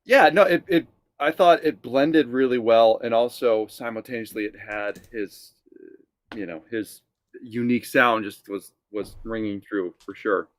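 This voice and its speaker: A man co-hosting a music reaction show as songwriter, talking in a relaxed, halting way with repeated words. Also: mid-range voice, dry recording. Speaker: songwriter co-host. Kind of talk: casual music reaction chat.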